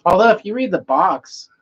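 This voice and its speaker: On a dull, lo-fi home stream with faint room hiss, a man chats casually with viewers, swearing here and there and coughing between sentences. His high-pitched voice is a bit bright and slightly rough, animated yet laid-back, at a measured pace.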